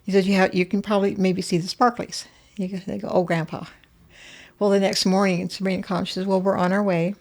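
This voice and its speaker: Speaking quickly in a medium-pitched voice, an older woman tells family tales as a guest in a casual interview. She performs the voices of the people she quotes with lively energy.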